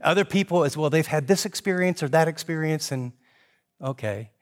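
A middle-aged man delivers a sermon from the pulpit, talking fast and telling stories with animation. His voice sits a little higher than most men's. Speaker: pastor.

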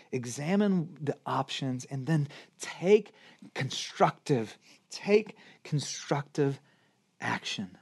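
A middle-aged man preaching a sermon as pastor, earnest, rising to emphatic peaks and dropping to hushed prayer. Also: a little high. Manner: earnest, swings between emphatic rises and soft hushed prayer.

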